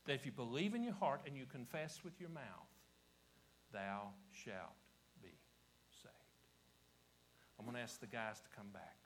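A man with an Appalachian accent preaching a revival sermon to a church congregation, swinging from shouting to hushed whispers and repeating his phrases. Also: medium pitch, very animated, quick pace, hardly any pauses, a little hiss or hum, low-quality recording. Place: church service before a congregation.

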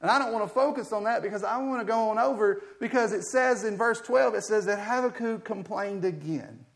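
Impassioned high-voiced male preacher. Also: a little fast, gravelly. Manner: swings from soft asides to loud impassioned pleading; conversational, repeats words when building up. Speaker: pastor. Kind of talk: sermon.

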